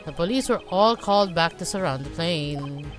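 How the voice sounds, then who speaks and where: A woman voicing a deferential male police detective in a fan-made game dub, always adding "sir". The put-on accent sits on a lowish voice that still moves a lot. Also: animated, moderate pace, soft background music, lightly acted. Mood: reporting. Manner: respectful, ends lines with "sir".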